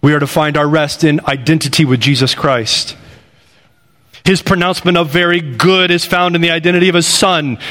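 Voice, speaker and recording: A man in his thirties delivers a sermon with a fairly high voice. His talk is conversational and full of repetition. He swings between loud, climbing bursts and low, hushed lines. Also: a little fast. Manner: animated, rising to loud bursts then dropping low and quiet; conversational preaching with repeated phrases. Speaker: pastor.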